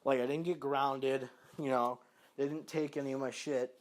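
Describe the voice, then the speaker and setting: A man's voice: mid-range voice, fairly even intonation, normal speed. A young man telling a personal story to camera, casual and profane, full of fillers and asides. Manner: profane, rambling, lots of fillers. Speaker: vlogger.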